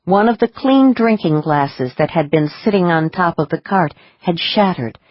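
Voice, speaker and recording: A woman reading audiobook narration in a measured, expressive way. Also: fairly low pitch, no echo, highs cut off.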